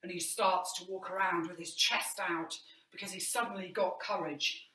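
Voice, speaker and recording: A woman's voice: on the low side, fairly even intonation, normal speed, pushed and bright. A woman drama teacher giving an online movement lesson indoors, encouraging and demonstrating as she explains. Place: indoor room. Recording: roomy, mic at a distance.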